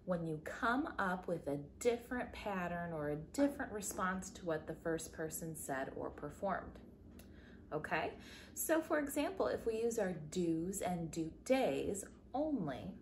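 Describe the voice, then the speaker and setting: In this recorded lesson for small children, a female music teacher uses an animated, melodic delivery full of wide pitch swings, explaining things slowly and supportively. Slight background noise can be heard.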